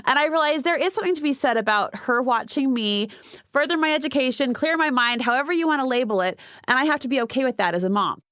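A woman hosting an interview conversation, chatty and warmly affirming. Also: high voice, expressive, fast, dry recording, studio quality. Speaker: podcast host.

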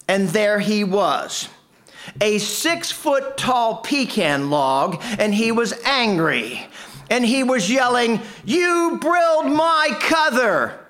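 A man performing a comic tall tale, with a deadpan, punchy delivery. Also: high voice. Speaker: storyteller.

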